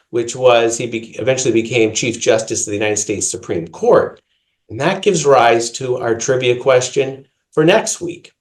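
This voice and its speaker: A man with a Minnesota accent co-hosts a podcast. He explains things in a measured way and enunciates carefully. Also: medium pitch, darkish tone. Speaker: podcast co-host.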